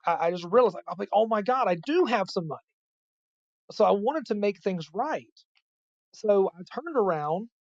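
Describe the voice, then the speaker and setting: A man's voice: sits high, darkish tone, dry recording. A man guesting on a podcast, telling a personal story in a casual, rambling way full of fillers and restarts. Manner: rambling, filler-heavy, many restarts and "I'm like" quotes. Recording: dull lo-fi dry sound.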